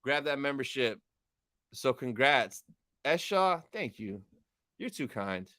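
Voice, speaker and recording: A man's voice: mid-range voice, big pitch swings, slow pace, bright, forceful tone, no echo, studio quality. A young man hosting a live stream, casually chatting with viewers, reading chat aloud and thanking them.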